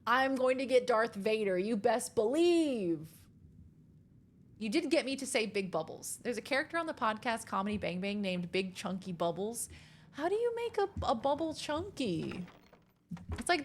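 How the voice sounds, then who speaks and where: A young adult woman streaming a game, chatting casually with her chat, excitable and easily rattled. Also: fairly high pitch, slight background noise.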